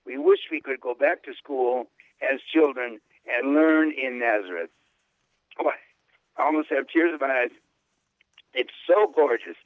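A man reading a text aloud slowly and explaining it in an unscripted talk, stressing key words and breaking into enthusiastic asides, often repeating and restarting words. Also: mid-range voice, very animated, no room sound. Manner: slow, emphatic quoting, rising on key words, enthusiastic asides. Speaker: Latin scholar reading and explaining a papal text. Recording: dry, narrow phone-line sound.

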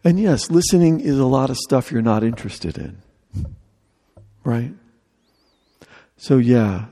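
Guy giving a sermon, gravelly and husky, joking around, long hall echo. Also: medium pitch, lively intonation, a little slow, pauses often, dark tone. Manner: humorous, conversational preaching with mock dialogue. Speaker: preacher.

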